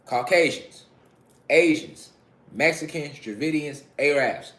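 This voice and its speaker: A man's voice: on the high side, slow pace, fairly bright tone. A man giving a casual spiritual lecture, preaching to his listeners, repeating phrases and calling them family. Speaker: spiritual talk host.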